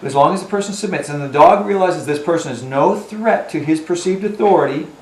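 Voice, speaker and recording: A man's voice: on the high side, a little fast. A male dog trainer speaking emphatically to a dog owner in a home, often checking in with "Okay?". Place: indoors in a home. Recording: echoey room with faint ambience.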